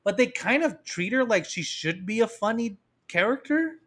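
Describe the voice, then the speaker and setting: Podcast co-host, male, fairly high voice, animated, sarcastic movie recap. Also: moderate pace. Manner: animated, acts out characters in mocking quoted voices. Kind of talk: casual movie review chat.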